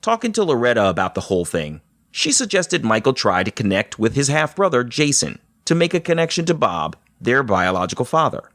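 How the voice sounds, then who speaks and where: A man's voice: medium pitch, brisk, no echo, clean studio sound. A man hosting a podcast, narrating the story and reacting to his guest with short replies. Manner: narrates in a lively voice, short reactions while listening. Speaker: podcast host. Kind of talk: scripted narration and interview.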